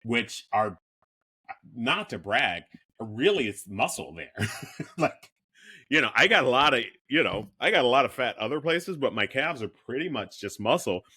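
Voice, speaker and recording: A man's voice: mid-range voice, very animated, measured pace, sharp tone, slightly rough. A man in his fifties co-hosting a podcast, chatting candidly and joking at his own expense. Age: 50s. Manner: candid, self-deprecating, with frequent restarts. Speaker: podcast co-host. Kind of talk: casual chat.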